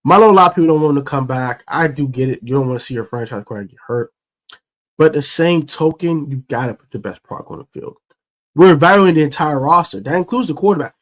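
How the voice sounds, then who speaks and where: A man hosting a fan sports show, ranting in a casual, slangy, animated way about his team. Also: fairly high pitch, fast. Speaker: sports podcast host. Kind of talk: casual fan commentary rant.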